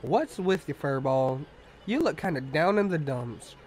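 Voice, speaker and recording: A man's voice: fairly high pitch, animated, a little slow, a little mellow, a little hiss or hum, low-quality recording. A man voicing a boastful tiny male wandering artist, reading game dialogue aloud in a brash, cocky manner.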